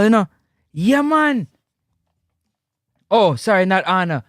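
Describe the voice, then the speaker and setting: A Jamaican man hosting a live sports stream, his voice high and bouncing all over. He teases the chat playfully and laughs often. The sound is dry and close. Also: very animated, slow pace, pauses often, fairly bright tone, no room sound. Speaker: sports talk host.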